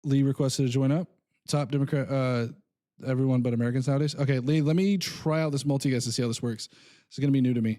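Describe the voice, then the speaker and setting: A man's voice: mid-range voice, steady tone, fast, mellow. Rambling man hosting a call-in stream. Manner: loose, rambling, laughs often. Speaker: host. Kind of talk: casual live-stream call-in chat.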